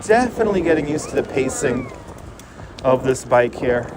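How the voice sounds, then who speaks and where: A somewhat high-voiced man talks loosely and cheerfully as he cycles, calling out hellos to viewers by name. Wind and street traffic roar around his clip-on mic outdoors. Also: big pitch swings, normal speed. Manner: chatty, greets viewers by name, loose and upbeat. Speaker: live-streaming bike vlogger. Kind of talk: casual live-stream chat while cycling. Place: outdoors riding a bike through city streets. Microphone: wireless clip-on mic.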